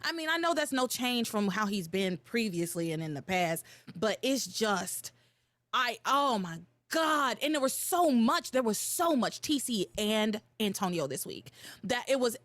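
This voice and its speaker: A young adult woman hosting a podcast in casual, animated chat, exclaiming and swearing freely. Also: on the high side, normal speed, no echo. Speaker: podcast host.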